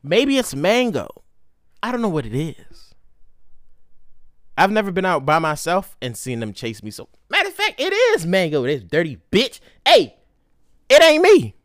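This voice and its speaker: A young man hosting a casual solo podcast, telling stories in a profane, slangy, animated way. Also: high voice, normal speed, long pauses, dry recording, clean studio sound. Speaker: podcast host.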